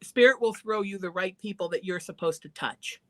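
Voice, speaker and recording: A woman's voice: mid-range voice, normal speed, a bit bright. A woman hosting a call-in talk show, giving earnest, encouraging advice in a conversational way. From Irish heritage. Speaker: psychic talk show host.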